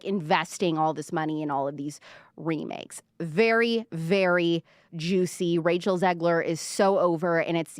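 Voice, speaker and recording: A woman's voice: on the low side, no room sound, clean studio sound. A young woman hosting a casual pop-culture livestream, chatty and gossipy, full of "like" and reading viewer comments aloud. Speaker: livestream show host.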